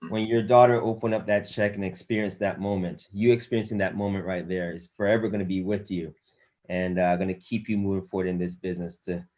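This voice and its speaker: A man's voice: on the low side, darkish tone. A man hosts a motivational interview over a video call, speaking as a course coach. He is enthusiastic and piles up phrase after phrase to drive his point home. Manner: enthusiastic, motivational, builds up long lists of phrases.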